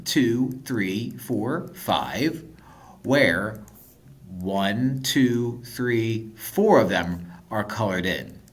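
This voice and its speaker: Playful, lively male math teacher. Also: mid-range voice. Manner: playful, thinks aloud, drops to whispers. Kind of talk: video math lesson.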